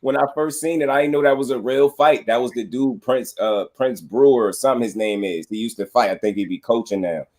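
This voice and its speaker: A man's voice: medium pitch, fairly quick, few pauses, a little mellow. A man hosting a casual boxing talk show, laughing often and bantering in slang. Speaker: podcast host.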